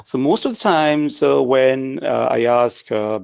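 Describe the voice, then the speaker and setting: A man's voice: medium pitch, measured pace, gravelly, a little mellow, clear, resonant tone, dry recording. A man giving a webinar presentation in an earnest tone, with frequent filler sounds. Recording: dry, dull lo-fi webinar audio.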